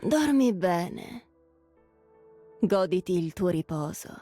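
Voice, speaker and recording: A woman's voice: lowish voice, lively intonation, takes it slowly, dark tone, faint music behind. An actress playing a power-hungry female mercenary in game voice lines, playful and menacing. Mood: gloating. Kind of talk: Italian game voice line.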